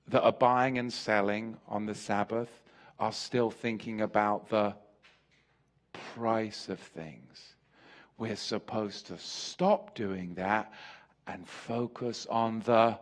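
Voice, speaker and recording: A man preaching a Sabbath sermon as a teacher, repeating key phrases for emphasis and slowing down on the words that matter. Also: fairly low pitch. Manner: slows and drops his voice on key words. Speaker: pastor teaching a weekly Sabbath lesson.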